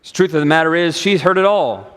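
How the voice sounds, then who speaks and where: High-voiced preacher in a reverberant church. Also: male voice, expressive, quick pace, a bit bright, smooth. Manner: dramatic retelling with repeated phrases. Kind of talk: sermon storytelling. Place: church sanctuary. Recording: long church hall reverb.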